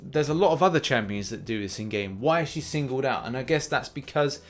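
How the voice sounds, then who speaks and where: A young man hosting a mobile game news show, talking in a chatty, animated way with plenty of fillers and restarts. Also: mid-range voice, fairly quick. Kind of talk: casual gaming news commentary.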